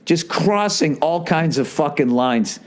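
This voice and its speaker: A man in his forties rambles through a solo comedy podcast monologue. He swears freely, tosses in "right?" and "you know?" as he goes, and jumps into quick mocking impressions. His voice sits a bit higher than most men's. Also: animated. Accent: Boston. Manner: profane, rambling storytelling, many "right?" asides. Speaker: podcast host.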